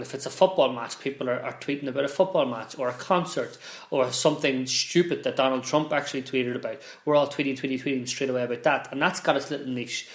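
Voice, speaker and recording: A man, a business founder, talking casually to camera and explaining marketing, with frequent restarts and repeated words. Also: medium pitch. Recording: roomy echoey room.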